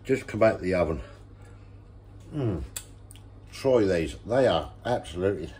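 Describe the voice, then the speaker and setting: Man, very low voice, unhurried, home cooking vlog, keen on the food. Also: a little hiss or hum. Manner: relaxed, enthusiastic about the food. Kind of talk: casual cooking video.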